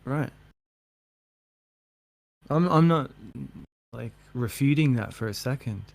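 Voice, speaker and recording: A man's voice: mid-range voice, animated, takes it slowly. Een man die koppig en afwijzend tegenspreekt in een verhit online debat. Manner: stubborn, dismissive. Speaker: flat earth panelist.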